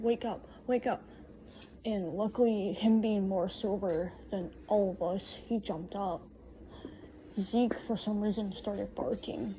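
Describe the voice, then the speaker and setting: Against a noisy background, a young woman with a fairly low voice casually tells a first-person story about a night from her own life. She's blunt and swears freely.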